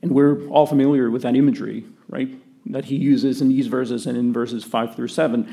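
A man preaching a sermon to his church in an earnest way, often dropping to a quiet voice for emphasis. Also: mid-range voice, steady tone, normal speed, gravelly. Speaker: pastor.

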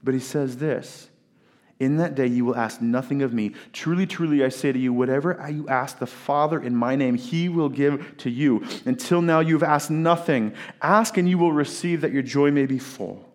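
Emphatic male pastor preaching. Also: mid-range voice. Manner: emphatic, with dramatic pauses and shifts from loud to hushed. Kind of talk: sermon.

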